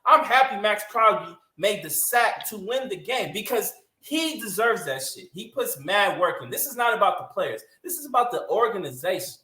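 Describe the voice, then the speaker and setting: Animated, bright-voiced ranting woman. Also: mid-range voice, normal speed, hardly any pauses. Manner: heated, emphatic, cussing. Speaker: podcast co-host. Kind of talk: casual sports podcast rant. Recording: echoey room.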